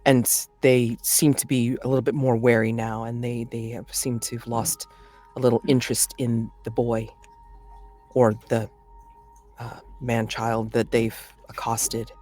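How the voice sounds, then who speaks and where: A game master explaining rules and describing a haunted forest, slow and halting with frequent restarts. Now and then the voice jumps up in excited laughter. Faint music runs underneath. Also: mid-range voice. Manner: hesitant, many restarts, bursts of excited laughter. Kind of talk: running a tabletop game.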